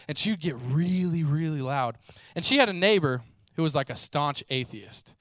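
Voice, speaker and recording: A male preacher delivering a sermon with animated storytelling, slipping into the voices of the people he describes. His voice is high for a man and sits close and dry, with no room echo. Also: moderate pace. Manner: animated storytelling, acts out voices, casual fillers.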